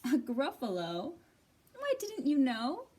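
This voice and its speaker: A woman voicing a small, clever brown mouse in a picture-book reading, bright and confident. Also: high-pitched, huge pitch swings, slow pace, slight background noise, pitched above the performer's own voice, full character voice. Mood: boastful.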